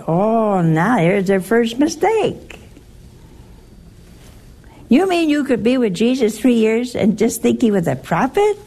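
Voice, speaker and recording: A woman's voice: a little high, big pitch swings, takes it slowly, long pauses, mellow. A woman teaching a Bible study to a group in a chatty, teasing way, asking her listeners questions. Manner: chatty, asks the audience questions, teasing humor. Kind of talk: informal scripture talk to a group.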